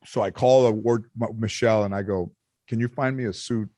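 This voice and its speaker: Middle-aged man, animated storyteller, acts out quotes, dry close sound, cursing comedian. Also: lowish voice, brisk, no echo. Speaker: comedian guest. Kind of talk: casual storytelling chat.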